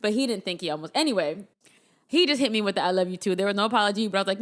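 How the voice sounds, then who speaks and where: A young woman co-hosting a podcast, chatting casually with her husband and laughing often as she tells animated stories. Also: mid-range voice, rapid-fire. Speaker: podcast co-host. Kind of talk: casual chat.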